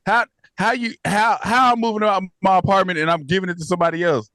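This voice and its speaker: A man with a fairly high voice co-hosting a casual review podcast. He talks in an animated, disbelieving way, swears freely and breaks into laughter. The sound is dry and close, with no room around it. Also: fast talker, no room sound. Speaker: podcast co-host.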